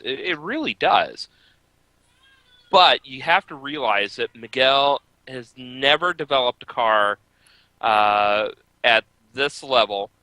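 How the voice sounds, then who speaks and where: A man with a bright, smooth voice talks through a casual motorsport podcast, stopping often on fillers as he gathers his thoughts. He speaks slowly, and the dry recording keeps him close. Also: mid-range voice, no room sound, poor audio. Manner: hesitant, many filler pauses. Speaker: podcast co-host. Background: baby crying.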